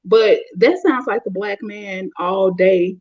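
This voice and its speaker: A woman's voice: medium pitch, slow, darkish tone, no echo. A woman with a Southern US accent, giving blunt, opinionated commentary on a panel. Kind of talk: casual commentary. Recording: dull, dry lo-fi audio.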